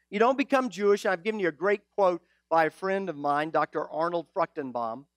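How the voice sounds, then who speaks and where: A male pastor preaching a sermon, animated and teasing, full of rhetorical questions. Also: high voice, dry recording, clean studio sound.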